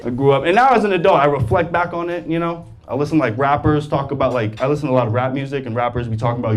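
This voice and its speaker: A young adult man performing a stand-up comedy set on stage, animated, jumping into loud exaggerated voices for the people he quotes and laughing through his lines. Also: medium pitch, fast. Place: comedy stage before a live audience. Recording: live stage mic with clear audience noise. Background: audience laughter.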